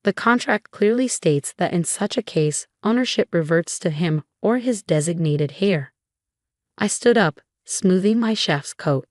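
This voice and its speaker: A woman narrating a first-person family drama story, reading every character's lines in the same steady storytelling voice. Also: on the low side, measured pace, no room sound, studio quality.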